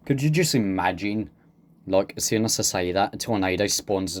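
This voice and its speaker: A man's voice: low voice, moderate pace, slight background noise. A man giving casual, joking gameplay commentary, laid-back and swearing freely. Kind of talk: casual let's-play commentary.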